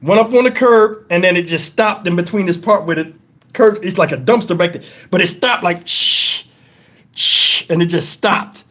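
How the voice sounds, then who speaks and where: A man telling a profane, animated story on his livestream, acting out the voices in it. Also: sits high, a little fast. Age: adult, twenties long past. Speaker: livestream host.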